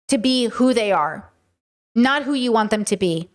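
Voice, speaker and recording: A woman's voice: on the high side, animated, moderate pace. A woman in her thirties hosting a casual commentary video, talking straight to her viewers in a chatty, emphatic way. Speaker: video essay host.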